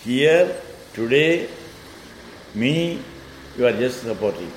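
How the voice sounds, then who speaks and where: A man's voice: medium pitch, sing-song. Male poetry tutor, patient explainer who reels off verse, echoey room with a faint hiss. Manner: patient, explanatory, recites verse quickly in sing-song. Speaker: teacher of classical poetry. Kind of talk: explaining a poem line by line.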